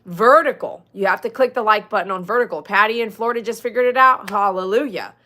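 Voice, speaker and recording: This middle-aged Texan dog groomer is chatting casually on a livestream, reading out the chat, joking, and laughing. She speaks fast in a mid-range voice with a sharp tone.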